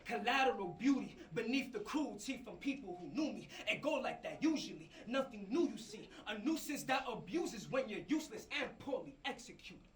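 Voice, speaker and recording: Male battle rapper, high and lively delivery, aggressive boasts, loud crowd behind. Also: normal speed, hardly any pauses. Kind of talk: live battle rap verses. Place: upper-floor campus venue with a live crowd. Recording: distant mic with loud crowd.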